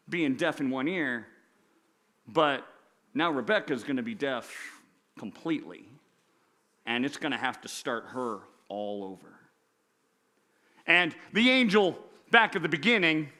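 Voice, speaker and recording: A young man, a youth pastor, telling a story in a sermon, animated, acting out the characters' lines. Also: on the high side.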